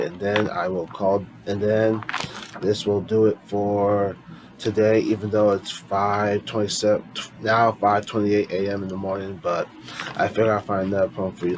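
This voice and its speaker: A man with a fairly low voice reads his own poems in a casual, chatty way. He talks to his viewers like friends and often stops to restart or correct himself. There is a faint hum of noise behind him. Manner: rambling, with frequent restarts and self-corrections. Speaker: poetry vlogger.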